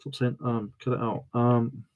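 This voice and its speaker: A man's voice: mid-range voice, level tone, normal speed, a little mellow, lo-fi sound. A man hosting a live stream, joking around and reading out viewers' comments in casual banter. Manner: jokey, reads viewer comments aloud and banters. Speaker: channel host streaming live.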